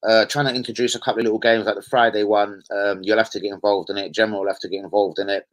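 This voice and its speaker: A man's voice: fairly low pitch, steady tone, quick pace. A man hosting a football live stream, rambling casually, swearing and bantering with his viewers.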